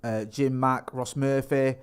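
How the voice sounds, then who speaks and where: A relaxed man who hosts a podcast and keeps the talk loose. His voice sits at an everyday middle pitch, and he often trails off mid-thought. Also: measured pace, clean tone. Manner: relaxed, trails off, reads out viewer comments. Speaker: podcast host. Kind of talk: casual chat.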